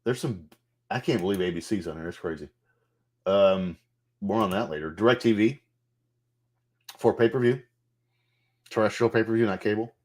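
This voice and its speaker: A man with a somewhat low voice talks through a game's menus in a loose, off-the-cuff way, swearing now and then. He thinks aloud as he clicks around, and keyboard clicks can be heard behind him. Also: moderate pace, pauses often. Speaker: gameplay streamer. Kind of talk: casual game walkthrough commentary.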